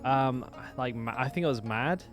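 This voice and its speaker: A man's voice: mid-range voice, normal speed, faint music behind. An English man with a West Country accent, chatting casually to his live-stream viewers, rambling and swearing now and then. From England. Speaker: game streamer.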